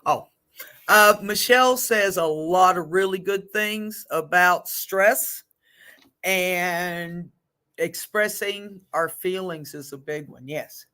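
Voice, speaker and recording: A woman leading a group session on stress, talking frankly and in a lively way, with blunt asides. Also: fairly low pitch, slow pace. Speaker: group facilitator.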